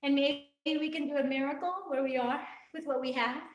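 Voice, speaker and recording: A woman's voice: high voice, steady tone, fairly quick, echoey room, distant mic, low-quality recording. A woman hosting a live stream, crying as she speaks to her viewers in a heartfelt, rambling, earnest way. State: tearful, crying. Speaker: fitness vlogger hosting a livestream.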